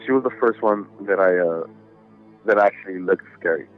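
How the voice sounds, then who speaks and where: A man with a low voice tells a ghost story at normal speed as a guest on a podcast, his casual telling rambling, profane and heavy with fillers. The line is tinny and phone-like, with soft background music.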